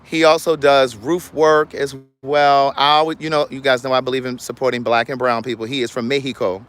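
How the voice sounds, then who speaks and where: A man hosting a casual outdoor livestream, talking directly to his viewers in an animated, chatty way. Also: medium pitch, brisk, clear, resonant tone. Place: outdoors in a yard.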